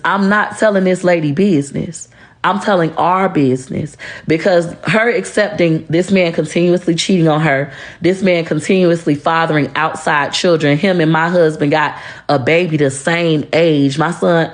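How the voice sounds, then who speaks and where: A woman speaking bluntly and heatedly to camera, cursing freely. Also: lowish voice. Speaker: social media creator talking about her marriage. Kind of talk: candid monologue to camera.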